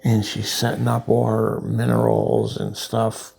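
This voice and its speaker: A man's voice: on the low side, sing-song, unhurried, gravelly, a little mellow, slight background noise. A man reviewing a comic book in a loose, rambling way, full of fillers and restarts. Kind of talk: casual comic walkthrough.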